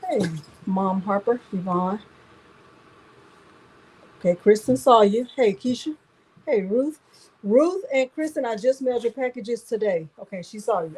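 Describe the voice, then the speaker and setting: A woman's voice: a little high, animated, a little slow, long pauses, darkish tone, breathy edge, rough recording. Chatty woman hosting a craft livestream. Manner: greets viewers by name, chatty and upbeat. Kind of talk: casual livestream chat.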